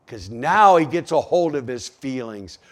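Guy preaching, slow and drawn out, goes from quiet to roaring, really animated voice. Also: mid-range voice. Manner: dramatic swings from hushed to shouting, acting out the psalmist. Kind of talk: sermon.

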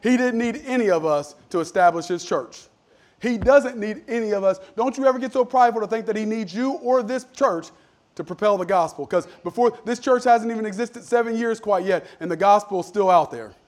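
A man pastor preaching a sermon, calling for amens and swinging between loud emphatic lines and low asides. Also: fairly quick. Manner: call-and-response preaching, asks for amens.

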